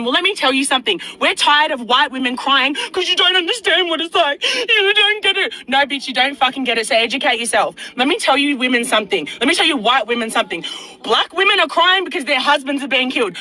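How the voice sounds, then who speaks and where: A woman's voice: very high-pitched, bright, forceful tone, poor audio. A woman, half Australian and half American, delivering a furious, profane rant to camera with hammering repetition.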